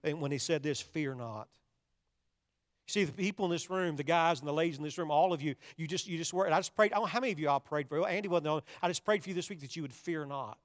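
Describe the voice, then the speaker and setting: Older preacher in a big echoing hall. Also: male voice, fairly high pitch, very fast, few pauses. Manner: dramatic storytelling, acts out quoted voices, repeats words. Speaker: pastor. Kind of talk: sermon. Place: church sanctuary. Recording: long reverb of a large hall.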